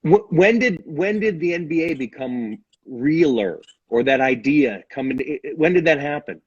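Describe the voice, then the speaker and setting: A man's voice: a little high, expressive, moderate pace, husky, dry recording. A man hosting an interview, restarting and repeating words as he asks his questions. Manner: stumbling, repeats words when asking questions. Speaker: host. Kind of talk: casual interview. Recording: dull dry lo-fi sound.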